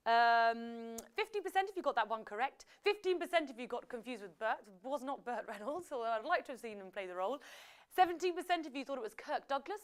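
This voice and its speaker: A woman's voice: sits high, clear, resonant tone. A British woman hosting a live quiz show, chatty and full of jokey asides between the questions. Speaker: quiz host.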